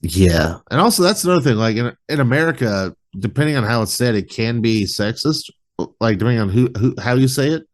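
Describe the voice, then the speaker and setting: A man's voice: mid-range voice, expressive, fairly quick. A man hosting a casual podcast chat, talking in a loose, rambling way full of "like" fillers.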